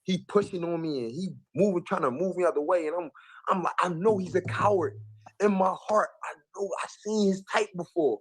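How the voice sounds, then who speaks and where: High-voiced boxer talking trash. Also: male voice, brisk, slightly rough. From North Philadelphia. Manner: heated, boastful, streetwise slang. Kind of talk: fight-week trash talk interview.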